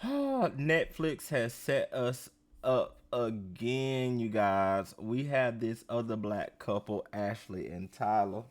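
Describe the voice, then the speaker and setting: A man hosting a podcast, riffing on a reality show in a casual, profane, animated way and talking straight to his listeners. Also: mid-range voice, takes it slowly. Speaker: podcast host.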